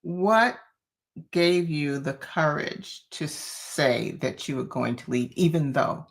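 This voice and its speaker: A woman hosting an interview, with soft listening murmurs and gentle restarts. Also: low voice, slow pace. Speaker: host.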